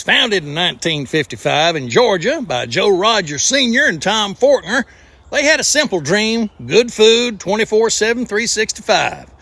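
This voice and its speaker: A man's voice: high-pitched, pushed and bright. A man with a Southern US accent hosting a scripted comedic trivia show, folksy and exclamatory with punchy jokes. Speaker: host.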